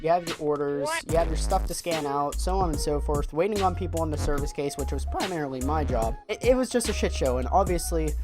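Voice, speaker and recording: A young man telling a story on his vlog, animated and profane, often repeating words as he gets excited. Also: fairly high pitch. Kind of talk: casual storytime monologue.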